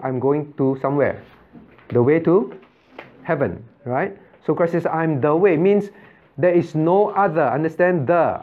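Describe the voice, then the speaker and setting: A man pastor teaching an interactive Bible class, who stresses key words, repeats himself and quizzes his listeners with "right?". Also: medium pitch. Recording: tinny phone-like sound.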